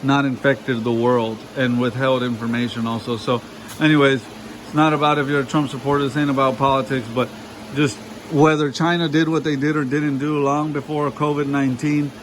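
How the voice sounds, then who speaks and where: A man's voice: mid-range voice, fairly even intonation, moderate pace, a little hiss or hum, low-quality recording. A man explaining a car job in a rambling, chatty way, talking straight to his viewers. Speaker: mechanic vlogger. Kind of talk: casual how-to narration.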